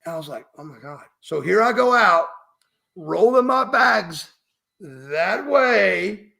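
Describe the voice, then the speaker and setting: A man's voice: a little high, vocal fry, a bit bright. A middle-aged man, emphatic and profane, telling a story as a podcast guest. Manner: emphatic, profane, refers to himself by name. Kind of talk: storytelling interview.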